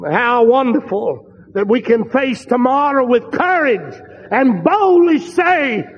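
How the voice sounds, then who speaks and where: A man's voice: very high-pitched, animated, unhurried, breathy edge. A man preaching a sermon, telling a story and building to fervent, emphatic peaks with repeated phrases. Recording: long hall reverb, dull lo-fi sound.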